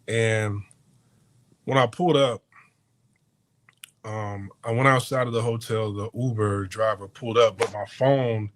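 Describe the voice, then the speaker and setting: A podcast host with a low voice rambles unhurriedly through a story set at a hotel abroad, leaving long pauses. He restarts and stammers often, animatedly acting out the lines of the people he quotes.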